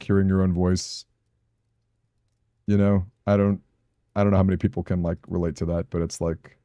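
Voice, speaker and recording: A young man with a fairly low voice chats loosely through a live game stream. He reads comments aloud, laughs easily and second-guesses himself. The sound is close and dry with no room behind it. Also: warm tone, dry recording. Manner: chatty, self-conscious, laughs often, reads chat aloud. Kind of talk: casual live-stream chat while playing.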